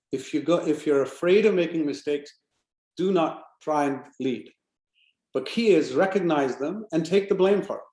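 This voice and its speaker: Male guest speaker, gravelly and warm, emphatic advice, roomy call audio. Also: a little high. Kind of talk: fireside chat. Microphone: video call.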